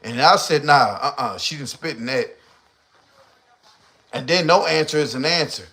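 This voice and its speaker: A man hosts a livestream, ranting casually in heavy slang and profanity. An animated storyteller, he acts out the voices of the people he talks about, speaking at normal speed with a medium pitch.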